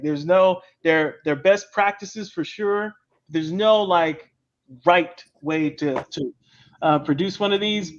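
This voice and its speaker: Man, high-pitched, host, casual explainer, slightly dull lo-fi sound. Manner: chatty, explains step by step, keeps adding "right?". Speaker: show host and comic writer. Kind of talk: casual panel chat.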